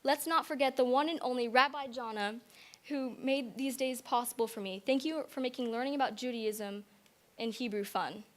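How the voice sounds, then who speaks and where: A teenage girl reads her thank-you speech in a synagogue sanctuary, her voice a touch high. She giggles nervously between lines and fights to keep from crying. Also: moderate pace.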